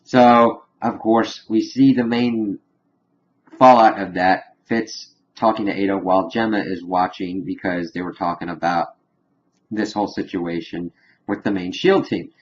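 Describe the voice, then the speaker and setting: A man's voice: sits low, fairly even intonation, measured pace, muffled recording, a little hiss or hum. A man giving a casual, rambling spoiler recap of a TV episode, full of fillers and swearing. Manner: rambling, filler-heavy, profane. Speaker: TV episode reviewer.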